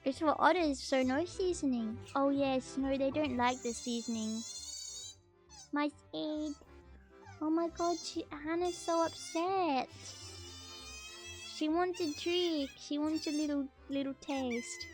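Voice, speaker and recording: Woman streamer, high voice, unhurried, playful casual chat with soft music behind. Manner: chatty and playful, jumping much higher when excited. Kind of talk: casual stream commentary reacting to a video.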